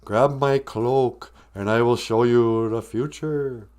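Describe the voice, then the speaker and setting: A man playing a huge, grim male ghost of the future who intones slowly and solemnly. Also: medium pitch, steady tone, a little mellow, lightly acted. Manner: slow, solemn, drawn-out intoning.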